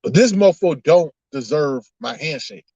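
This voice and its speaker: A male streamer talks loosely to his viewers, laughing often and slipping into preachy asides. His fairly high voice swoops up and down. The sound is dry and a little dull. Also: lively intonation, measured pace, a little mellow, no echo. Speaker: online streamer. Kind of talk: casual livestream chat.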